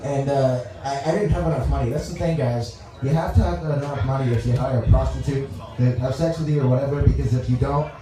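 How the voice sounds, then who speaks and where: A young man from Dallas doing a stand-up comedy set, rambling, halting and crude as he talks to the crowd on a club stage. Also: medium pitch, fairly even intonation. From Dallas, Texas. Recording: echoey room, mic heard from far off.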